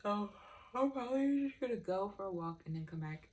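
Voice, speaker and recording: A woman's voice: medium pitch, expressive, brisk. A young woman vlogger in casual, candid chat, rambling and swearing freely.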